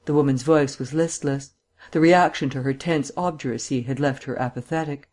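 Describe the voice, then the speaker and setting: A man narrating a detective novel audiobook in a measured, steady way. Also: medium pitch.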